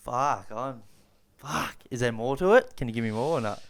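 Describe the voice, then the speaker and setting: A man's voice: medium pitch, lively intonation, normal speed. A man co-hosting a casual podcast, easygoing and encouraging. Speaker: podcast co-host. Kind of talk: casual chat.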